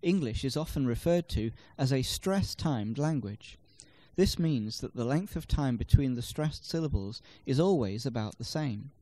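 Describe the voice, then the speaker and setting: A man gives scripted, measured narration for a language lesson, explaining word stress by way of example sentences. His medium-pitched voice is expressive and dark, with no room sound.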